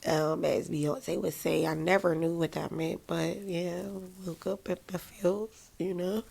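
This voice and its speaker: A woman's voice: fairly low pitch, steady tone, unhurried, vocal fry, a little mellow, husky. A woman hosting a podcast, talking through an emotional personal monologue in a raw, rambling, self-mocking way, still tearful after crying. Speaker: podcast host.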